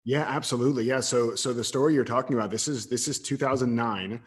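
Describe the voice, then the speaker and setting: A man in his thirties, a podcast guest telling a story from his past in an animated way, with quick bursts of louder talk and stammered restarts. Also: medium pitch, husky. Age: 30s. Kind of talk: casual storytelling interview.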